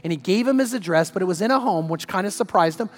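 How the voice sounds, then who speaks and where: A man's voice: high voice, animated, fast, long reverb tail. A man preaching as pastor, telling stories conversationally and asking repeated rhetorical questions. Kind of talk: sermon.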